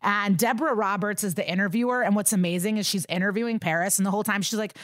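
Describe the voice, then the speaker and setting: A podcast co-host with a mid-range voice races through a true-crime case with hardly any pauses, telling it casually and profanely, laughing and acting out the people she quotes. The recording is dry and studio quality.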